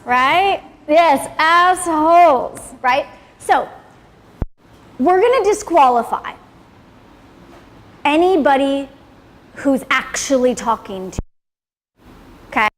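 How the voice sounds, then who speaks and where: A woman's voice: high voice, expressive, slow, long pauses, in a large hall. A woman leading a live motivational class, blunt and profane, checking in with "right?" constantly. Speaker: class leader. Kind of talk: casual motivational talk to a class. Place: salon room with live audience.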